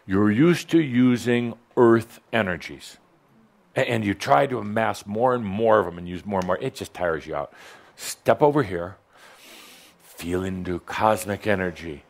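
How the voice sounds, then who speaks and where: Lively, teasing male spiritual teacher. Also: fairly low pitch, vocal fry. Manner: teasing, joking, often laughing mid-phrase; leads the audience in call-and-response. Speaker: spiritual teacher channeling to a live audience. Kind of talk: playful spiritual talk. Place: live gathering with an audience.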